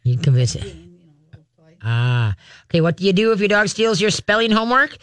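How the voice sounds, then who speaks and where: A man's voice: high voice, a little fast, smooth, no echo. A man hosting a call-in advice show as a dog trainer, talking in a folksy, homespun way. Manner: folksy, homespun, animated demonstrations. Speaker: radio dog trainer host.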